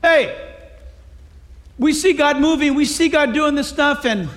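Male pastor, very high voice, lively and joking, conversational sermon delivery. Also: measured pace. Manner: lively, conversational, humorous preaching.

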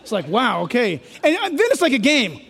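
A male pastor preaching a lively sermon, joking and acting out quotes for his congregation. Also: extremely high pitch, brisk, husky, long reverb tail. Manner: animated, joking, acts out quotes. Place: large church.

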